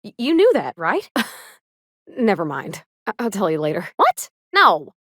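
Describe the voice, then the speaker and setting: A woman's voice: medium pitch, huge pitch swings, a little slow, a bit bright, slightly rough, no echo, clean studio sound, full character voice. An actress playing a sweet, earnest young woman ship engineer who talks in a folksy, homespun drawl, shy and kindly. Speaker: game companion character. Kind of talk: video game voice acting.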